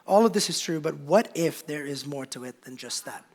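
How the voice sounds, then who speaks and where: A man's voice: on the high side, lively intonation, normal speed, a little mellow. A young adult man preaching a sermon as pastor in a church, calling out to the congregation. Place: church sanctuary.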